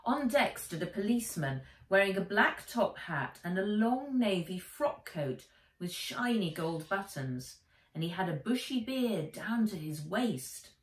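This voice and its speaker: A woman author reading her children's book aloud in an expressive, animated way, recording in a small shed. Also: mid-range voice, a little slow. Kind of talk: storybook read-aloud. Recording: echoey room, mic a bit distant.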